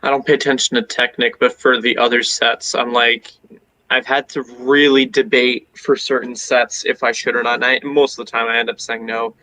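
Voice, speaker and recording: Bright-voiced man in easy stream chat. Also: medium pitch, flat delivery, moderate pace, low-quality recording. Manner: easygoing, hedging with fillers. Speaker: fellow streamer guest. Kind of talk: casual livestream chat. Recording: faint background noise.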